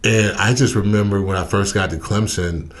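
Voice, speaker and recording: A man's voice: on the low side, moderate pace. A middle-aged man, a former pro football player, telling stories in a casual interview and acting out the other voices in them. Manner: animated storyteller who acts out the other voices in his stories.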